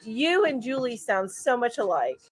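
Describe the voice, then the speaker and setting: A woman's voice: on the high side, very animated, moderate pace, faint music behind. A woman hosting a casual crochet live stream, reading viewer comments aloud and chatting in a gushing way with lots of fillers. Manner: gushing and chatty, coos over her pet, many fillers. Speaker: host of a weekly crochet live chat.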